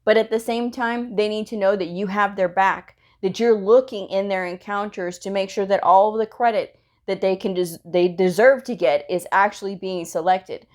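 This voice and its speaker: A woman's voice: mid-range voice, fairly even intonation, moderate pace. A middle-aged woman giving a casual instructional talk as an educator, chatty, laughing often and retelling conversations. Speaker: medical coding educator.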